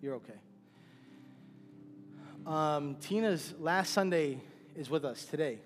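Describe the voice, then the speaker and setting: A man's voice: fairly high pitch, slow, big-room sound, soft background music. A man, the church's pastor, praying earnestly and then honoring a departing member, fighting back tears. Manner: earnest, emotional, repeats phrases. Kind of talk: sermon prayer and farewell tribute. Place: church sanctuary.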